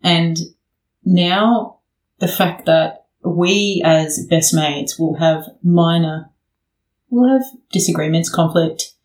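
A woman in her thirties with a somewhat low voice hosts a relaxed chat with a friend. She talks frankly and expressively and swears freely. Her voice carries a roomy echo. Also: slow. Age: 30s. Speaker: podcast host. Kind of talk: casual chat.

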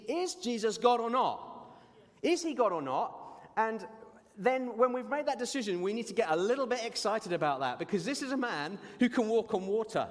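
A man preaching a sermon, telling stories in an animated way with lively asides. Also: high-pitched. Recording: long hall reverb.

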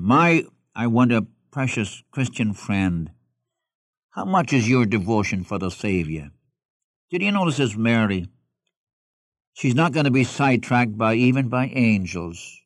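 A man preaching at a middle pitch, reading scripture aloud and then pressing his listeners with direct questions. The recording is dry and close, with no room sound around his voice. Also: expressive, measured pace, no room sound. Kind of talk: expository sermon.

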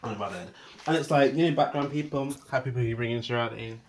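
A young man talking through an unscripted voice note monologue, sighing and laughing, with sudden loud outbursts between muttered asides. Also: mid-range voice, quick pace, slight background noise. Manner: emotional, swinging from muttered sighs to loud outbursts; sighs and laughs often, says "girl" a lot. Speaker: podcast host.

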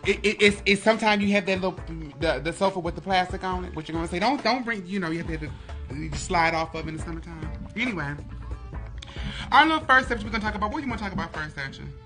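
A man co-hosting a casual talk show, playful and animated, laughing often as he talks. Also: high voice, fast talker, faint music behind. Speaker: podcast co-host. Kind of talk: casual chat.

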